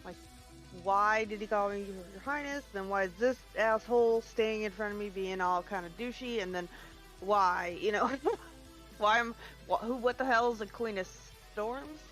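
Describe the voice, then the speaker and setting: Player at a tabletop game, bright voice, keeps swearing in disbelief, faint music. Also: mid-range voice, moderate pace. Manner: incredulous, swearing. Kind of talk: casual banter at a game table.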